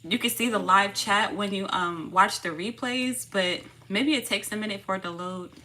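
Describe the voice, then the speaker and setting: A woman's voice: mid-range voice, normal speed, pushed and bright. A woman in her thirties chatting casually on a live stream as a tarot channel host, affectionate and laughing often as she greets viewers. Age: 30s.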